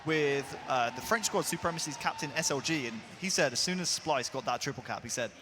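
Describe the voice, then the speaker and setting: A man's voice: fairly high pitch, fairly quick, noisy background. Talkative man breaking down esports play. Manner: talkative, thorough breakdowns with frequent restarts. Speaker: esports analyst. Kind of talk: analysis desk chat.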